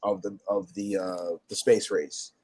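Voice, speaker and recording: A man's voice: low voice, flat delivery, measured pace, darkish tone, dry recording. A man in casual podcast chat, rambling with many restarts.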